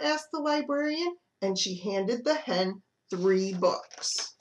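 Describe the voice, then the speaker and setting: A woman librarian reading picture books aloud to toddlers, in an expressive, animated storytelling manner. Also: mid-range voice, slow pace, a little hiss or hum. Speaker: children's librarian.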